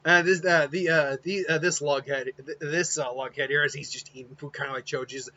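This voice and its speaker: A man's voice: a little high, steady tone, brisk, sharp tone. A man casually narrating a fan story in a rambling way, with fillers and restarts, on a dull, lo-fi recording with faint hiss.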